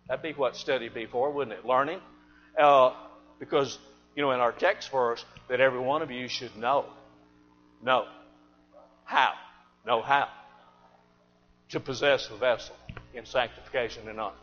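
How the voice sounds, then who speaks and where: A man preaching a sermon, telling a folksy story and swinging between loud bursts and hushed asides. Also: mid-range voice, normal speed. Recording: dull lo-fi church recording with long reverb and faint music.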